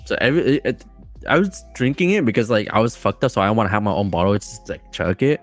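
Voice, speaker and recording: A man as a podcast guest telling a story casually, rambling and excited, with many fillers and restarts. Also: fairly low pitch, fast, faint music behind.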